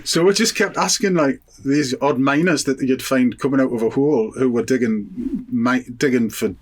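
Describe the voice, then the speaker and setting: A man's voice: mid-range voice, moderate pace. A man as a podcast guest, telling rambling travel stories with frequent laughs and restarts. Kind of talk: anecdotal storytelling in a podcast chat.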